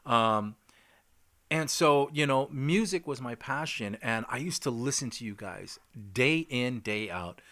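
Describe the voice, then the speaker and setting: A man hosting a casual interview, telling lively stories and acting out old phone calls. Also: medium pitch, measured pace. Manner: animated storyteller, acts out phone calls. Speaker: host.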